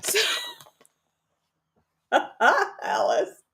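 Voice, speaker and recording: A woman's voice: drawn-out words, a little mellow, a little hiss or hum. A woman hosting a casual live cooking show from her home kitchen, chatting playfully with her viewers. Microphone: camera on a counter.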